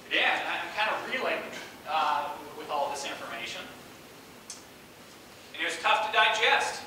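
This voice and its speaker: A man's voice: fairly high pitch, normal speed, pauses often. Middle-aged man in an echoey hall. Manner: animated, acts out quoted voices. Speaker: guest speaker. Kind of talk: storytelling talk to an audience. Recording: echoey hall, distant mic, noisy.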